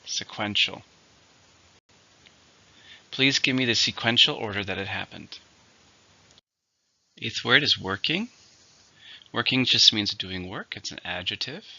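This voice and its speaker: Bright-voiced man teaching vocabulary, lo-fi. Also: fairly low pitch, dry recording. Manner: slow, careful teacher's delivery, spelling out syllables and stress. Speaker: English teacher. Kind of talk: vocabulary lesson.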